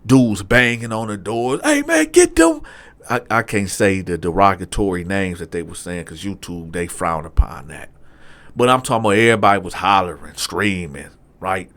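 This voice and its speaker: A middle-aged man casually telling a story, swinging between loud acted-out voices and low hushed asides. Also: normal speed. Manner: animated, acts out other inmates in loud raised voices. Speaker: storyteller, channel host.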